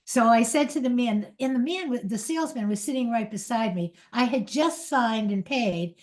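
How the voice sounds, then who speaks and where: A woman's voice: a little high, moderate pace, a little mellow. A middle-aged woman leading a spiritual talk, candidly telling a personal story and often laughing at herself between restarts. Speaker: spiritual teacher.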